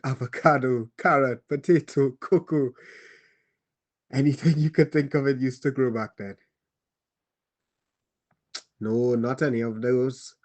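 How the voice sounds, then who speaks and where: A man's voice: medium pitch, darkish tone, lightly acted. A man playing a weary Trinidadian war survivor. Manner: halting, grave, pauses and restarts. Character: weary male survivor telling a child of war. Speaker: storyteller. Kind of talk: dramatic monologue.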